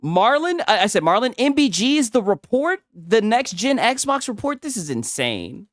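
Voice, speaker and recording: A man's voice: high-pitched, big pitch swings, moderate pace, dry recording, clean studio sound. A man streaming a casual, profane reaction to another creator's video, mocking it, laughing often and reading chat aloud.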